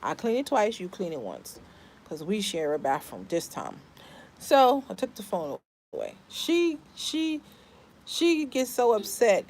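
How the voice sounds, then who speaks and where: A woman's voice: mid-range voice, big pitch swings, a little slow, darkish tone. A middle-aged woman from the Bronx, chatting casually to her vlog viewers, emphatic and repeating herself. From the Bronx, New York. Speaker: family vlogger.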